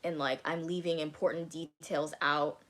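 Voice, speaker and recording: A woman's voice: sits low, little pitch movement, moderate pace, fairly bright tone. A young woman telling a personal story in casual vlog chat, candid, swearing freely and saying "like" a lot. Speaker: vlogger.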